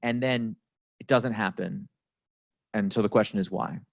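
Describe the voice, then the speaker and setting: A man's voice: on the low side, normal speed, creaky, no room sound, clean studio sound. A man giving a casual storytelling talk to a live audience as a guest speaker, chatty and full of "like" and "you know". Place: company office event space.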